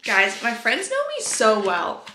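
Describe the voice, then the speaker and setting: A woman in her twenties chatting casually in a vlog, gushing and soft-spoken, sometimes dropping to a whisper. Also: fairly high pitch, big pitch swings, a little slow. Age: 20s. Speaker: vlogger. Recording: echoey room with faint noise.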